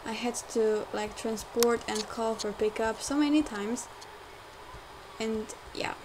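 A young woman rambling through casual gameplay commentary, full of fillers and quick to get frustrated, recorded at home on a desktop mic. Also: fairly high pitch, background noise. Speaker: game let's player. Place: home room, car audible outside.

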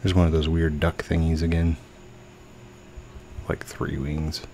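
A man's voice: extremely low pitch, flat delivery, a little slow, warm tone, slight background noise. A young man giving playful live commentary while playing a game, talking to the other players and his own character. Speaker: gaming video host.

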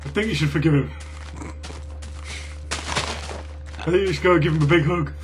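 Goofy high-voiced young man gamer. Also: normal speed. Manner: goofy, whiny pleading, teasing. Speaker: gamer host. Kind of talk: casual gaming banter. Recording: game music behind.

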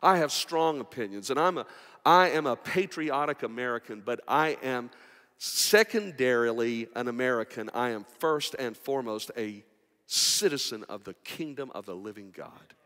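A man pastor preaching a sermon, moving between quiet, intimate passages and raised, urgent appeals. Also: mid-range voice, animated, moderate pace. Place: church sanctuary. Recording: long reverb of a large hall.

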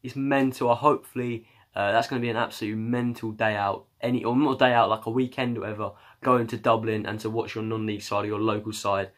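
A man's voice: lowish voice, little pitch movement, fast talker, few pauses, fairly bright tone. Rambling football vlogger, man. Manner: rambling, hesitant, lots of ums and uhs. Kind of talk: casual chat.

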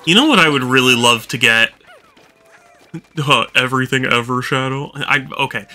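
A man's voice: medium pitch, normal speed, sharp tone. A man doing casual live-stream commentary while playing a video game, tired and yawning, rambling with lots of fillers and restarts.

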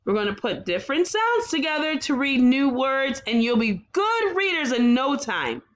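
A woman teaching a phonics lesson to young children, sounding out words slowly and praising often. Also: high voice, very animated, dull audio.

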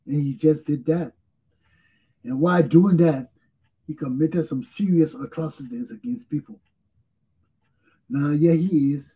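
A man's voice: fairly high pitch, breathy edge, dull audio. A male talk show host, tired and yawning, giving blunt, repetitive commentary on his own. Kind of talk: casual solo commentary.

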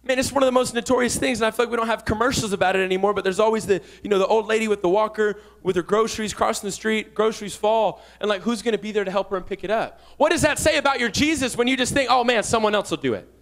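High-voiced young man preaching fervently. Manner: fervent, rising to shouts, with quick asides and laughs. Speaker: guest preacher. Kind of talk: sermon.

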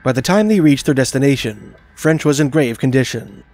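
A man's voice: mid-range voice, expressive, brisk, darkish tone, soft background music. Man narrating a mystery documentary.

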